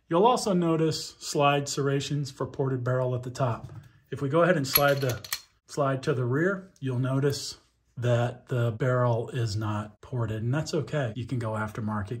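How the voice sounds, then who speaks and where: A man giving an enthusiastic hands-on review of a pistol, talking conversationally as he points out its features. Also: medium pitch. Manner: enthusiastic, conversational, shows details up close. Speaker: firearms reviewer.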